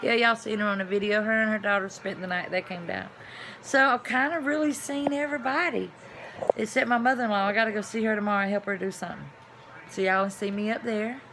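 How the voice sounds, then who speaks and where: A woman's voice: medium pitch, fairly even intonation, quick pace, background noise. A middle-aged woman, chatting casually and rambling in her own vlog. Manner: chatty, rambling, signs off loudly. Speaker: vlogger. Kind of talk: casual chat to camera.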